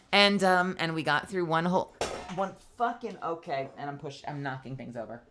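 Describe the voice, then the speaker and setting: A woman's voice: sits low, animated, a little slow, a bit bright, slight background noise. Tired, giggly woman streamer chatting. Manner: rambling and giggly, with lots of restarts. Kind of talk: casual chat with viewers.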